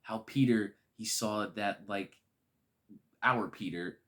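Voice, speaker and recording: A man casually reviewing a film, excitable and gushing, with slangy, enthusiastic speech. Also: lowish voice, slow pace.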